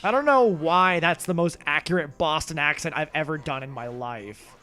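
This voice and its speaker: A man with a fairly high, sharp-toned voice streams a video game live at a moderate pace. He chats loosely with viewers, rambling, poking fun at himself, and cursing occasionally. Game music plays faintly behind him.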